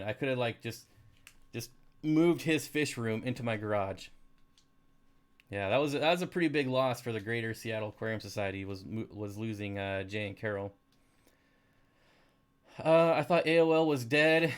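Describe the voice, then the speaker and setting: A man's voice: mid-range voice, smooth. A man hosting a live stream, chatting casually and rambling through anecdotes with frequent restarts. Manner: rambling storyteller, many restarts and laughs. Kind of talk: casual chat.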